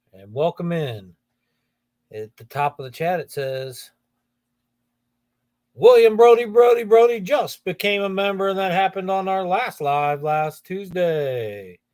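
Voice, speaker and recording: Middle-aged ohio guy reading chat on his livestream, jokey, kinda high voice, dry sound. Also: a little mellow, dry recording. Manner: chatty, jokey, greets viewers by name. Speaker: livestream host. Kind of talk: casual livestream chat, reading comments aloud.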